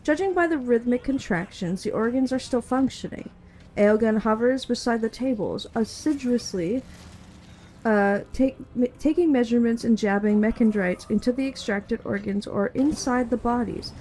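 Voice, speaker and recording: Chatty higher-voiced woman streamer reading game text aloud. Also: darkish tone, a little hiss or hum. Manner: chatty, quick asides.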